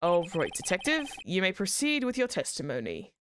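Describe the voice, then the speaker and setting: A woman's voice: lowish voice, wildly swooping pitch, moderate pace, over music. Woman doing a stiff, formal old judge.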